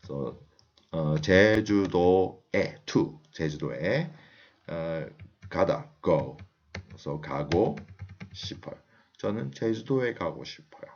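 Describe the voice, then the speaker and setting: A man's voice: low-pitched, animated, fast talker, darkish tone. A man with a Korean accent, a native Korean speaker teaching a language lesson in English, patiently repeating example phrases with frequent "uh" fillers. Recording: slightly muffled lo-fi audio.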